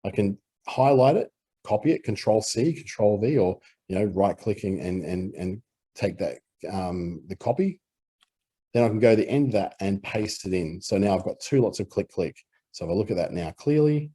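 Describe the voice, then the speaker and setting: Male tutor with an Australian accent, relaxed walkthrough, low and husky. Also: normal speed. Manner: relaxed explanatory talk with fillers. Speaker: audio editing instructor. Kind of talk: screen-recorded software tutorial.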